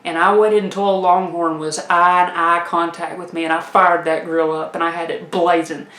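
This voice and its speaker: A woman telling a comic tale in a folksy, animated way, laughing as she goes. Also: lowish voice, moderate pace, echoey room. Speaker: storyteller. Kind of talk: comedic personal storytelling.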